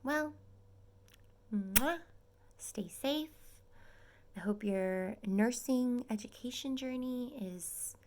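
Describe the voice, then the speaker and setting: A young woman vlogging from her small apartment as a nursing student, chatting and gushing and often dropping into a soft whisper. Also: a little high, takes it slowly, a little hiss or hum. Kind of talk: casual vlog update.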